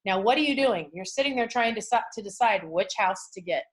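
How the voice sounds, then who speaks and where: A woman's voice: mid-range voice, lively intonation, fairly quick. A middle-aged woman from California giving a motivational talk to a group in a chatty storytelling way, acting out what people say. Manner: chatty, storytelling, acts out quotes. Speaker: motivational speaker.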